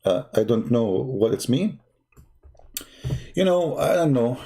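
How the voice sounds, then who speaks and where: A man hosting a live stream, mocking and sarcastic, growing loud and excited as he argues. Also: mid-range voice, slow pace, creaky. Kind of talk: live-streamed religious debate talk.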